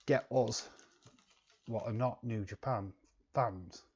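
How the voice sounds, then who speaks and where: A man's voice: medium pitch, slow pace, a little mellow, muffled recording, slight background noise. A man hosting a live stream, chatting bluntly and casually while reading viewer comments. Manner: chatty, blunt, laughs often.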